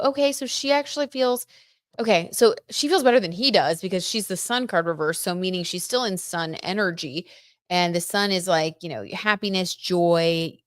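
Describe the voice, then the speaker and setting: Giggly low-voiced woman tarot host. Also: no room sound, clean studio sound. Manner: chatty and giggly, talks to her viewers. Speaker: tarot reader and livestream host. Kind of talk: casual gossip livestream, tarot reading.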